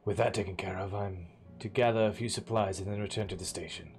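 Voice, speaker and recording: A man voicing a calm male ally who reports back in a soft, even way. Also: on the low side, fast, faint music behind, close to an everyday voice.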